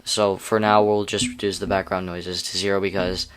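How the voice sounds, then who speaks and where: A man's voice: low-pitched, flat delivery, moderate pace, fairly bright tone. A young man casually walking through a video editing tutorial, rambling and correcting himself with amused asides. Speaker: YouTube tutorial creator.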